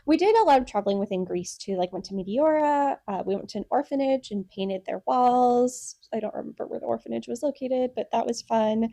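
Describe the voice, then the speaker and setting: Chatty young woman, warm dry sound. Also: on the high side, a little fast, creaky, hardly any pauses, no room sound. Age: 20s. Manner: rambling, chatty, lots of "like" and laughs. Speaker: podcast co-host. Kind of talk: casual chat. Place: home room. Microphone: podcast mic.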